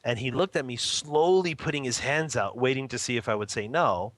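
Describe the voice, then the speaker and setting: A father who meditates at home appears as an interview guest, speaking a little fast in a medium-pitched, fairly bright voice with no echo. His casual teaching touches on family life and spiritual practice. He chuckles frequently and leans on "you know" and "okay?"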